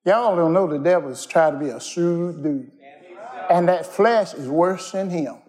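A man's voice: on the high side, a little slow, darkish tone. A man preaching a sermon as pastor, telling plainspoken stories in everyday slang and asking the congregation to call back answers. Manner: folksy, call-and-response preaching.

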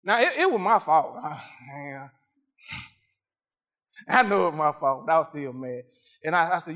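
A man preaching a sermon, telling a personal story in an animated way, stammering and repeating himself. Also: on the high side, fairly quick. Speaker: pastor.

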